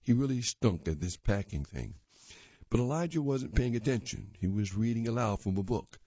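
A man with a low, husky, mellow voice reads a magazine story aloud at a plain, unhurried pace. The recording is dull and lo-fi, and the room is dry. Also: expressive, no room sound. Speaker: reader.

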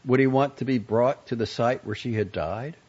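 A man giving a scripted narration of a story and a magazine essay, in a measured, expressive reading. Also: medium pitch, slightly rough. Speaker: reader of magazine pieces. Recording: dull lo-fi recording.

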